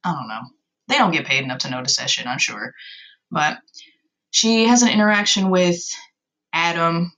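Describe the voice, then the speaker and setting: A woman's voice: lowish voice, normal speed, long pauses, fairly bright tone, poor audio. A young woman casually recapping an old story of hers, sarcastic and self-mocking, swearing freely. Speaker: podcast host.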